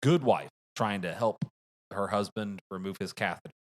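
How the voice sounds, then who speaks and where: A man co-hosting a casual movie review podcast, telling stories with lively acted-out bits. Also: fairly low pitch, normal speed. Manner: animated storyteller, acts out voices. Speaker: podcast co-host.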